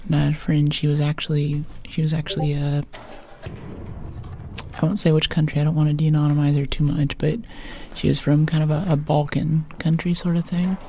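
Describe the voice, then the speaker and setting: Low, mellow woman, half-whispered. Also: level tone, a little fast, a little hiss or hum. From United States. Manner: soft, often slipping into a whisper, playful. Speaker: streamer. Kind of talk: soft-spoken ASMR gaming stream chat.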